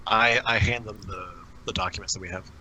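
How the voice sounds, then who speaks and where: A man playing in a tabletop game, describing his actions in a hurried, stammering way. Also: lowish voice, fairly even intonation, bright, forceful tone. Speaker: player. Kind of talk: casual chat at a game table. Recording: noisy background.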